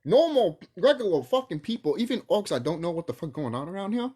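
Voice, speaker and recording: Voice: mid-range voice, very animated, fast, a little mellow, breathy edge. A young adult vlogger talking casually to camera in a profane, rambling rant full of fillers.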